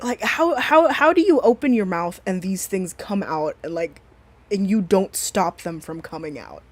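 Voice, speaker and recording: A woman's voice: medium pitch, expressive, normal speed. A woman hosting a stream in casual chat, blunt and profane, rambling with many restarts. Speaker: stream host.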